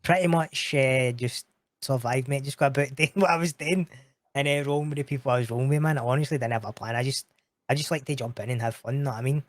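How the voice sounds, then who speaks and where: A man's voice: mid-range voice, fast talker, dry recording. A Scottish man chatting casually as a podcast guest, slangy and laughing often, swearing freely. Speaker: podcast guest, roleplay streamer. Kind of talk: casual chat.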